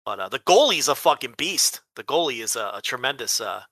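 Brash, profane man with a bright voice. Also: medium pitch, very animated, a little fast, dry recording. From New Jersey. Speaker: podcast co-host. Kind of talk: casual podcast banter.

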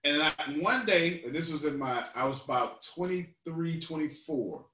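A man's voice: a little high, animated, moderate pace, sharp tone, echoey room, far from the mic. A man coaching a group, talking playfully and teasing, laughing often. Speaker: business coach.

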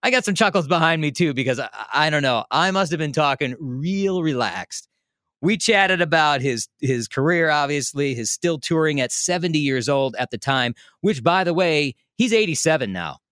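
A man telling a story in a casual, animated way, laughing often and restarting his sentences. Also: a little high, normal speed, dry recording, clean studio sound. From Milwaukee area, United States. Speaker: radio host telling a story as a podcast guest.

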